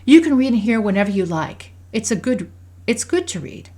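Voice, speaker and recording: A woman voicing a gentle, loving mother in a game story, speaking softly and reassuringly. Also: fairly high pitch, very animated, normal speed, voice pushed up. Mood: tender.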